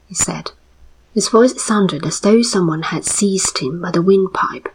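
Woman whispering a story, slow and measured, very breathy. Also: lowish voice, poor audio. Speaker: narrator.

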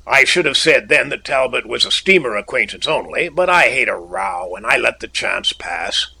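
Gravelly, husky male storyteller. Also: medium pitch, expressive, sharp tone, rough recording. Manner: measured, literary storytelling. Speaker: narrator. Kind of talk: audiobook narration.

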